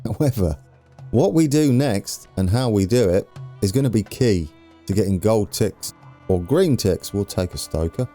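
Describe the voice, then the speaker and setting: Low, mellow-voiced man narrating gameplay. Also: expressive, moderate pace, soft background music. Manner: chatty, self-mocking, thinking aloud while playing. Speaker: let's play host. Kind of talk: casual gameplay commentary.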